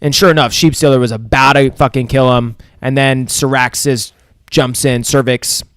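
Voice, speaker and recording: A man's voice: medium pitch, fairly even intonation, moderate pace, a bit bright, smooth, no echo, studio quality. A man co-hosting a podcast, recapping a TV episode in loose, profane, rambling casual chat. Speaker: podcast co-host.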